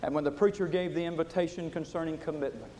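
A man preaching a sermon with passion, swinging from loud to hushed. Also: fairly high pitch, fairly even intonation, fast talker, slight background noise.

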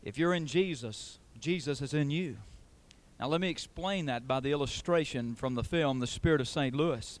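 A man's voice: a little high, moderate pace. Emphatic preaching man. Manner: emphatic, builds through repeated phrases. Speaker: pastor. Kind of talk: sermon.

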